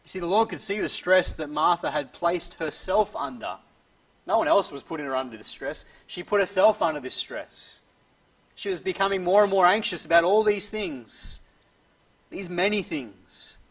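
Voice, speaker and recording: A man's voice: high voice, normal speed, slightly rough. Earnest preacher man, distant mic. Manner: earnest, drops softly at phrase ends. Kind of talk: expository sermon.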